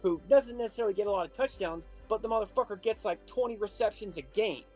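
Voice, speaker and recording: A man co-hosting a casual podcast, swearing his way through a lively story. Faint music sits behind his voice. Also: high-pitched, fast talker. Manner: animated storytelling, heavy swearing. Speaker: podcast co-host. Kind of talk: casual chat.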